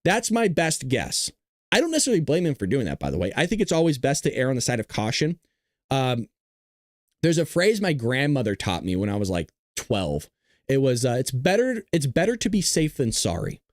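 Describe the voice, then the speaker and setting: A man's voice: mid-range voice, big pitch swings, brisk, no room sound. A man from Southern California with a Southern Californian accent hosting a livestream, joking and rambling on a close mic. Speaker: host. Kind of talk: livestream commentary.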